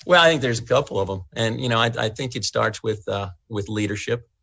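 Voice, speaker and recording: A middle-aged man running for state senate, answering interview questions in a folksy, animated way, often repeating and restarting words as he tells a story. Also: lowish voice, fairly quick, creaky, no echo.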